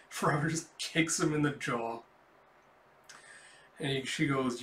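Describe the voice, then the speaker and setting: A man's voice: on the high side, measured pace, long pauses, a bit bright, distant mic. A man casually reading a comic book aloud, describing the panels with frequent filler words. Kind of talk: casual comic readthrough narration. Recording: echoey room.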